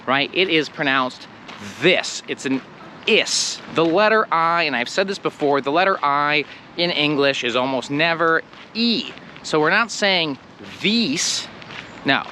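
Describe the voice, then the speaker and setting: A man's voice: a little high, bright, forceful tone, slight background noise. Blunt man drilling English pronunciation. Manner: blunt, emphatic, drills sounds by repeating them. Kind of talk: direct-to-camera pronunciation lesson.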